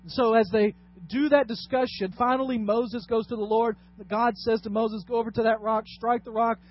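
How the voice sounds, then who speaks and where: A man in his thirties preaching a sermon, moving from loud emphatic passages to hushed, quiet asides. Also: sits high. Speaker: pastor. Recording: dull lo-fi sound with faint mains hum.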